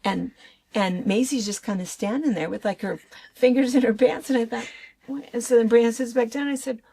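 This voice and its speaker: A woman's voice: fairly high pitch, fairly quick, vocal fry, slightly rough. An older woman and grandmother, chatting casually and telling funny family stories with lots of laughter. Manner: animated storytelling, laughs often. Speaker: shop owner and co-host. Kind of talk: casual chat.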